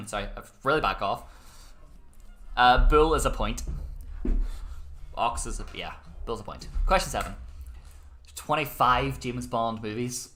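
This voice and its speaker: Bright-voiced Irish quiz host, chatty. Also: male voice, on the low side. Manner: chatty, joking asides, self-amused. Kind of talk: casual online quiz hosting.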